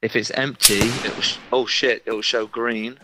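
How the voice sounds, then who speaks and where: A man's voice: mid-range voice, little pitch movement, moderate pace, noisy background. A man streaming a military game, chatting casually and thinking aloud as he plays. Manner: rambling, thinks aloud while playing. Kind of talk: casual gaming commentary.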